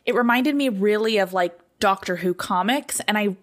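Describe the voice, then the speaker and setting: A woman co-hosting a podcast in relaxed conversation. Her voice sits at a middle pitch for a woman. She thinks aloud with plenty of "like" and "sort of", and she often lifts into bursts of excitement. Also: normal speed. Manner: animated, enthusiastic, thinks aloud with fillers. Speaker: podcast co-host. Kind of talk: casual chat.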